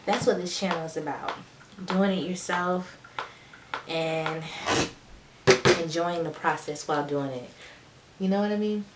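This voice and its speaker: Woman, vlogger, lowish voice, chatty, encouraging, casual how-to talk, echoey room. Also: measured pace, pauses often, very noisy. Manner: chatty and encouraging, talks to viewers directly. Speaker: beauty vlogger.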